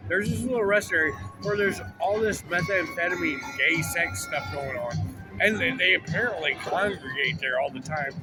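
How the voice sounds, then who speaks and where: A man telling a long, rambling story outdoors by a road, profane and full of "like" and restarts. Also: on the high side. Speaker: vlogger. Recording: clear music behind the voice.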